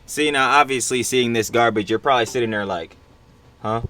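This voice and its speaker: A man's voice: medium pitch, loud music behind the voice. A young man giving casual, slangy commentary as the host of a reaction channel. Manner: slangy, fast and animated.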